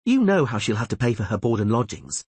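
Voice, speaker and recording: A man voicing a sharp-tongued, protective young outlaw with a scornful, heated way of talking. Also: on the low side, sing-song, fast, breathy edge, no echo.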